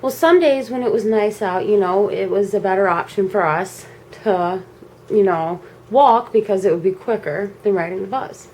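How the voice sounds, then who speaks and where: A young woman vlogger at home, telling a personal story in a casual, animated way. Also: mid-range voice, moderate pace, a little hiss or hum, poor audio. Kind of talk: storytime vlog. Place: home at night.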